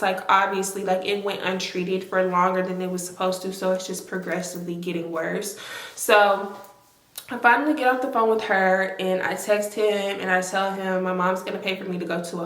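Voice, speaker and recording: A woman's voice: mid-range voice, a bit bright. A young adult woman telling a personal story to her viewers in casual storytime narration, chatty and filled with "like". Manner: chatty, talks to viewers directly, heavy filler use. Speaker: storytime vlogger. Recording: echoey room.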